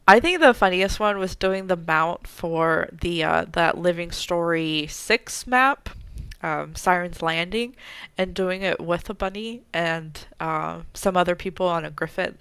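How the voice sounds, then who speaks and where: Woman host, low-ish smooth voice, dry close mic, rambling casual chat. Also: fairly bright tone, no room sound. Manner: chatty, many ums and trailing asides.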